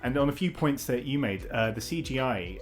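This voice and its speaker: A man's voice: mid-range voice, animated, brisk, soft background music. A man co-hosting a casual film podcast, laying out articulate, longer arguments. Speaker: podcast co-host. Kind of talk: casual film review chat.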